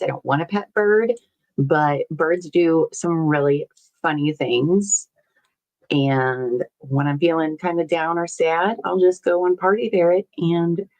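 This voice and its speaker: The woman hosting this casual livestream has a fairly low pitch and darkish tone, heard through dull audio. She rambles chattily, reads viewer comments aloud, laughs often, and swears in a casual way.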